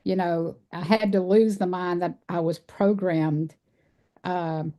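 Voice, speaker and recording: A woman's voice: lowish voice, fairly even intonation, takes it slowly, lo-fi sound. Texan woman, interview guest, earnest folksy storyteller. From Texas. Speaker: guest, animal rights speaker. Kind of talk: casual interview conversation.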